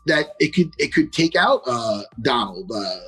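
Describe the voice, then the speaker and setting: A man with a husky, rough-edged voice breaks down a fight in casual conversation. He talks in animated bursts, sometimes stumbling and restarting. His pitch sits in an ordinary middle range, with faint music underneath. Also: unhurried, poor audio. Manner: animated, acts out quotes, stutters when wound up. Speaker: MMA analyst. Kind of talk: casual fight analysis chat.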